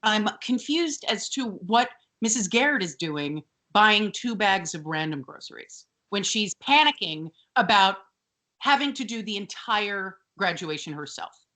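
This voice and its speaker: Woman podcast co-host, bright tone, chatty and filler-heavy, laughs a lot. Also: mid-range voice, lively intonation, a little slow. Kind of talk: casual chat.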